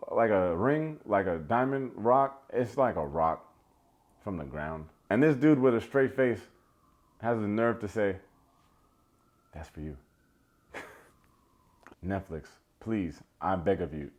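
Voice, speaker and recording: Sarcastic recap host, slightly low voice, playful jabs. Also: male voice. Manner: sarcastic, playful, mimics people he quotes. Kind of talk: comedic reality show recap.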